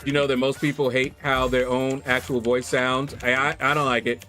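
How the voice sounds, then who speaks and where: This Kentucky livestream host talks to viewers at a normal speed in a medium-pitched voice, using a desk USB microphone. His casual chat is full of animated storytelling, laughter, and squeaky mock voices, while faint music plays underneath.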